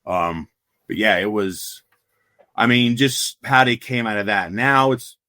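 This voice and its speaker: A middle-aged man from Pennsylvania tells stories in a low, bright voice. He rambles with fillers and restarts on a dry recording. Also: unhurried, no echo. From Pennsylvania coal region. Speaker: former player, guest. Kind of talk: casual storytelling.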